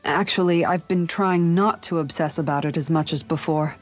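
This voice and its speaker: An actress voicing a calm, caring young woman and older sister who speaks thoughtfully, in a video game. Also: deep voice, moderate pace, soft background music. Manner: gentle, thoughtful, soft-spoken.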